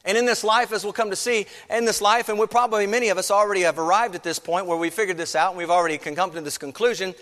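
A man's voice: high voice, fairly even intonation, fast, few pauses, a bit bright, big-room sound. A man preaching a sermon as pastor, earnest, with many rhetorical questions.

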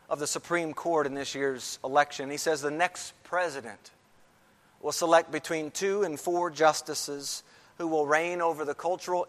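In the long reverb of a large church sanctuary, a male pastor preaches emphatically, returning again and again to key phrases for stress. His pitch is fairly high and his tone a bit bright.

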